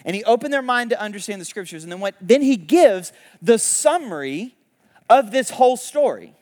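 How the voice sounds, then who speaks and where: A man preaching a sermon, retelling a story in a casual, animated way with laughs and quick asides. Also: high voice, big-room sound. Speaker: pastor.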